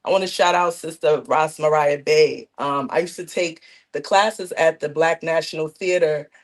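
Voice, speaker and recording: A reflective woman talking as a guest on a discussion show. She thinks out loud, weaving "you know" between her thoughts. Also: low voice, fairly even intonation, moderate pace. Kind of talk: conversational discussion.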